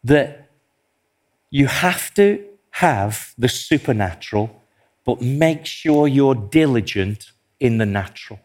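A man delivers a sermon as a personal story. He speaks earnestly and pokes fun at himself along the way. His voice sits in an ordinary middle pitch. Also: expressive, slow pace, a little mellow. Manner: storytelling, self-deprecating, earnest. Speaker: pastor.

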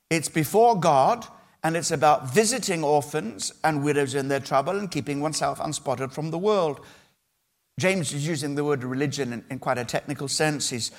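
Sermonizing to his congregation, this pastor has a voice a touch above the typical male range. He preaches earnestly and with emphasis, stressing key phrases and pausing deliberately in between.

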